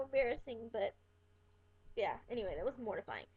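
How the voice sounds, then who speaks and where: A young woman rambles through a personal story with a fairly high voice and plenty of fillers. The sound is thin and tinny, as if heard over a phone line. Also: normal speed. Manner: rambling, chatty, many fillers. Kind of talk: casual storytelling vlog. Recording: tinny phone-like webcam audio.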